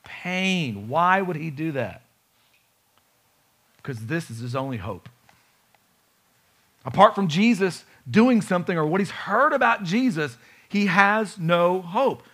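A man preaching a sermon, animated and full of rhetorical questions to his congregation. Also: high-pitched, slow, long pauses. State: has a bad knee. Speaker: pastor.

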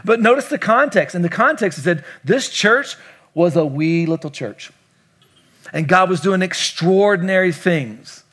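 A middle-aged pastor from Kentucky preaches a sermon at a measured pace, his high-pitched male voice expressive and a bit bright. He's emphatic, putting questions to the congregation and repeating lines.

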